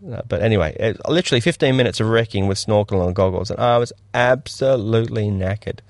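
A man with a fairly low voice, recorded dry and close to the mic. He talks casually about shoots, rambling and swearing a little, and bursts into lively acted-out quotes. Relaxed podcast chat between friends. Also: quick pace, few pauses, no echo. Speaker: podcast co-host, cinematographer.

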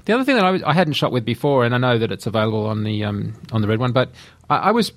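A man's voice: medium pitch, very animated, very fast, no echo. A man hosting a podcast, talking in an easygoing, chatty way about his experiences. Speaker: podcast host. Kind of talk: casual podcast interview.

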